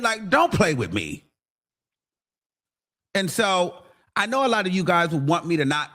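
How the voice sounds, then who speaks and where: A man hosting a livestream, talking bluntly and animatedly to his viewers in casual commentary, sometimes mimicking others. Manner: blunt and animated, mimics people in higher voices. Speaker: livestream host.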